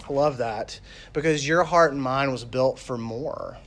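A man preaching a sermon as a pastor, talking casually with lots of "like" and "you know", and reading scripture slowly and softly. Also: medium pitch. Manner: conversational, with fillers like "like" and "you know".

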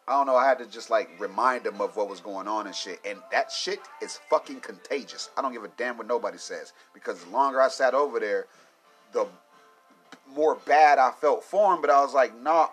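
A man on a podcast, talking in a loose, profane, slang-heavy rant that swells into loud, worked-up venting. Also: on the low side.

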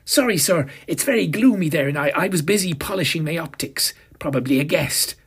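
A man voicing a small, gnome-like Irish barman with a Cork accent, speaking politely and deferentially in a higher, light voice. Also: lively intonation, brisk, fairly bright tone, husky, heavily acted. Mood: obliging.

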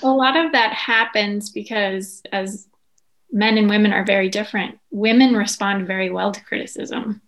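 A woman with a mid-pitched voice and a lot of gravelly vocal fry, co-hosting a relaxed podcast. She explains her point calmly and evenly. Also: moderate pace. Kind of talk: casual podcast talk.

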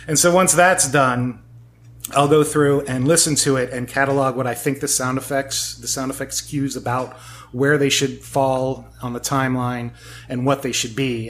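A man's voice: medium pitch, fairly bright tone, a little hiss or hum. A man in his forties chatting as an interview guest, rambling and self-mocking, laughing often. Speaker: guest, audio drama maker. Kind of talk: casual interview chat.

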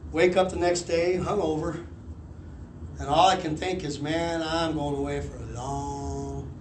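A man in his fifties preaches by telling a lively story, breaking into laughter and shouting out quoted lines. His voice sits high for a man. The room is echoey, with a faint ambience underneath. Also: slight background noise. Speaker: pastor. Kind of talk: sermon testimony.

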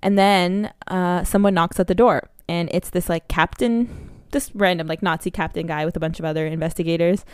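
A woman's voice: lowish voice, fairly even intonation, brisk, hardly any pauses, a little mellow, clean tone, no room sound, studio quality. A woman co-hosting a podcast, chattily recapping a movie plot with lots of fillers. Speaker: podcast co-host. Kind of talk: casual movie review chat.

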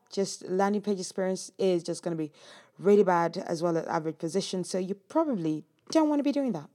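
A woman's voice: medium pitch, dark tone. A woman hosting a casual talk, reading out quoted replies and adding her own comments with frequent ums. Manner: chatty with frequent ums and small laughs. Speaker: podcast host recapping a chat.

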